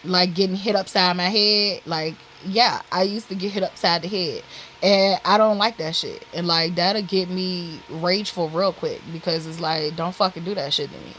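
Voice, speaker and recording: A woman's voice: fairly low pitch, steady tone, normal speed, fairly bright tone, a little hiss or hum, poor audio. A woman vlogger telling a personal story candidly, blunt and profane, with lots of "like" and "literally" fillers.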